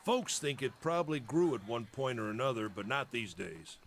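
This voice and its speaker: An actor playing a gruff, practical middle-aged caravan leader in a video game, who speaks in terse, matter-of-fact lines with a weathered, folksy drawl. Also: male voice, mid-range voice, animated, moderate pace, a little hiss or hum, close to an everyday voice. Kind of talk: voiced video game dialogue.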